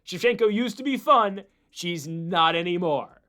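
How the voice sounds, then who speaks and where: A man hosting a show of fight predictions, rambling and opinionated in an animated way. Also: high-pitched, a little slow, hardly any pauses. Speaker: host.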